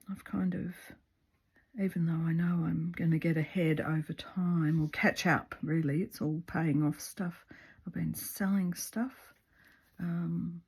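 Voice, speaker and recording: A woman with a lowish, darkish voice and a breathy edge chats casually at home while she stitches. She makes craft videos, and here she rambles along, full of ums and restarts.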